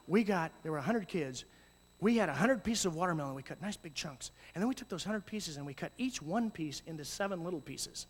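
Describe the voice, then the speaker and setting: A man telling lively stories to an audience as a youth ministry speaker, acting out voices and shouting at times. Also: sits high. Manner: animated, acts out voices and shouts. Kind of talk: storytelling talk to an audience. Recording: long hall reverb.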